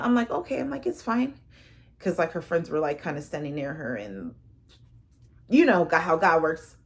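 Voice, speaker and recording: A woman telling a personal story straight to her viewers, rambling and earnest, full of fillers like "like" and "you know". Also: fairly low pitch. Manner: earnest, heartfelt and a little emotional. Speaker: tarot reader sharing a personal story.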